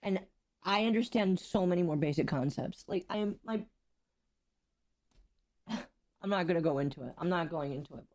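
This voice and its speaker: A woman co-host with a lowish voice that swings widely in pitch, recorded dry and close. Her reactions are blunt, exasperated and laced with swearing. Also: animated, moderate pace, pauses often, darkish tone, no room sound. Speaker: podcast co-host. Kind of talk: reaction commentary.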